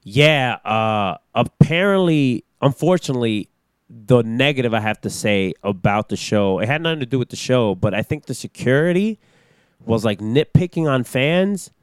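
A man co-hosting a podcast in loose casual chat, animated and rambling, swearing freely. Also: medium pitch, normal speed, smooth, no room sound. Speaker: podcast co-host.

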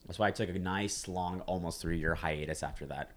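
A young man with a very low, deep voice spins a long personal story in casual chat. He talks loosely and swears freely, wandering through his tale with plenty of "like"s and trailing asides. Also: moderate pace, over a noisy crowd. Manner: loose, profane, rambling with many "like"s.

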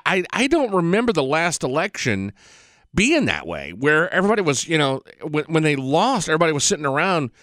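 A man's voice: sits high, a bit bright, dry recording, studio quality. A man hosting an opinionated monologue, talking in a sarcastic, mocking way with profanity and rambling restarts. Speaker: political commentary host.

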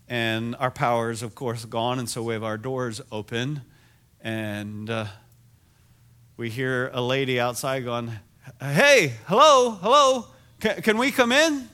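Animated bright-voiced male pastor. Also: medium pitch, clean tone. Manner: animated storytelling, self-deprecating. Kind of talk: sermon.

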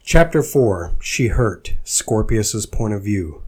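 A man's voice: lowish voice, animated, slow pace, few pauses, a little mellow, slightly rough. A man reading a fan story aloud as a dramatic performance, voicing the narrator earnestly. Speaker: fanfiction reader.

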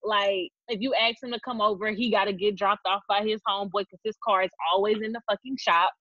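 A woman's voice: mid-range voice, steady tone, brisk, bright, forceful tone, dry recording. A woman co-hosting a podcast in casual chat, blunt and ranting, swearing freely. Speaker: podcast co-host. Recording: dull lo-fi audio.

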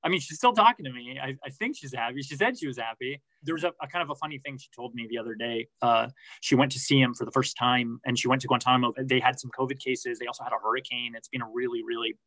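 A man's voice: medium pitch, fast, pushed and bright, dry recording, low-quality recording. A man answering interview questions about his reporting, thoughtful, with many restarts and fillers. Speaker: podcast reporter, guest.

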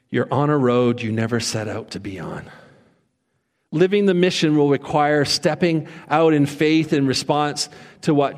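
High-voiced pastor preaching in a hall. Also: male voice. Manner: animated, acts out quoted voices, conversational humor. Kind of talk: sermon. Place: church sanctuary. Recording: reverberant church hall.

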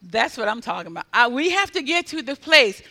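A man preaching with a strikingly high, very bright voice. He tells his stories animatedly, acting out what people said and rising to loud exhortation. His voice carries a long reverb from a large hall. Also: fairly quick. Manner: animated, acts out quoted speech, builds to loud exhortation. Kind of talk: sermon storytelling.

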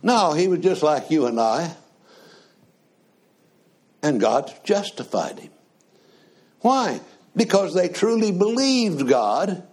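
A man preaching a sermon in a slow, conversational way, often asking the congregation questions. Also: fairly high pitch, big pitch swings, darkish tone, breathy edge.

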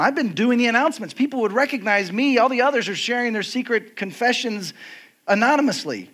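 A middle-aged man preaching a sermon, telling a personal story with animated highs and soft, quiet heartfelt passages. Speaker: pastor.

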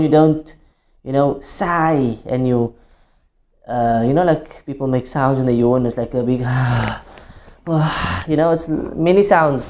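A man's voice: on the high side, a little mellow. A man teaching a religious class in an explanatory tone, who repeats each point and keeps checking that students understand, with Arabic phrases mixed in.

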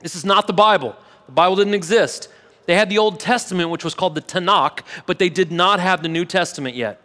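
Man, pastor, high voice, conversational sermon, reads scripture, repeats words mid-thought. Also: brisk, fairly bright tone, in a large hall. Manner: conversational preaching with scripture readings; repeats words when thinking aloud.

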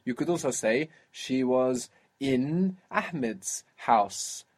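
A man teaching a one-on-one spoken language lesson, patiently explaining and modelling words slowly. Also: medium pitch, animated.

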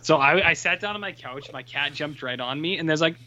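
Bright-voiced dude on a movie podcast, swears a lot, laughing through stories. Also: male voice, on the high side, fairly quick, highs cut off. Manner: animated storyteller, swears, laughs. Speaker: podcast co-host. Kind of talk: casual film review chat.

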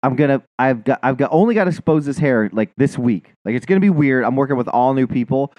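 Swearing, ranting man, lively pitch. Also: quick pace, no room sound. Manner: profane, exasperated ranting. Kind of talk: casual chat, venting.

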